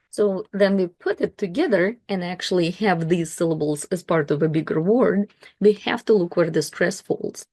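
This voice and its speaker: Slow, mellow-voiced woman teaching. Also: mid-range voice, expressive, no echo, studio quality. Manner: slow, careful, drawing out sounds and syllables for learners. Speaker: Russian language teacher. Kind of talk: language lesson.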